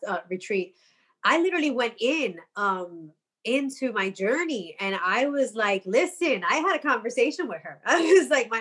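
Casting: woman podcast guest, animated storyteller, slightly high voice. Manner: animated storyteller, laughs often. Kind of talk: casual chat.

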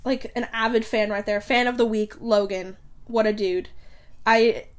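A young woman chats on her own podcast, talking from her bedroom. She rambles, piles on fillers, giggles and corrects herself as she goes. Her voice sits a little higher than most women's. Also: fairly even intonation, a little slow. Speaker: podcast host. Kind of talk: casual solo podcast chat.

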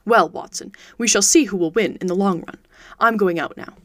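A woman reading the part of Sherlock Holmes, a keen-minded Victorian detective, in a measured, precise voice. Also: mid-range voice, dry recording, lightly acted. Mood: agitated.

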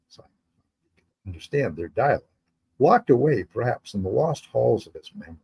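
A man, the author, reading his historical fantasy novel aloud in steady, measured narration. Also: medium pitch, breathy edge, low-quality recording.

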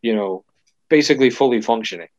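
A man's voice: medium pitch, quick pace, a little mellow, dry recording. A man co-hosting a casual chat, rambling with lots of fillers and restarts. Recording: dull lo-fi dry sound.

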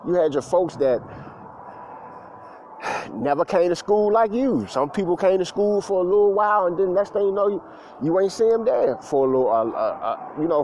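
A man speaks in a casual, rambling monologue, his voice sitting a little high for a man. He leans on slang, fillers and repeated phrases as he reminisces. Faint vehicle noise hums in the background. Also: a little mellow, rough recording. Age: adult, past school age. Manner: loose slangy talk with many fillers and repeats.

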